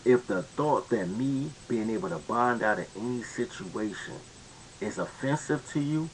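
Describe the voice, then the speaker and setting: A man's voice: medium pitch, lively intonation, moderate pace, slight background noise, poor audio. A man hosting a casual commentary monologue, rambling and slangy with many restarts. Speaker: commentary host.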